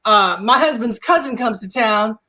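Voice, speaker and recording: A woman in her forties performs stand-up comedy on a live stage, animated and acting out dialogue in playful voices. Her pitch is fairly high and she speaks at a normal speed.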